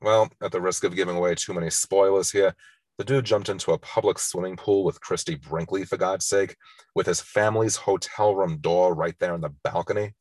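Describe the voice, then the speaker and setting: A man's voice: deep voice, steady tone, brisk, a little mellow, no room sound. A man hosting a casual movie countdown, talking wryly and sarcastically with frequent laughs. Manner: wry, sarcastic, laughs often. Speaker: host.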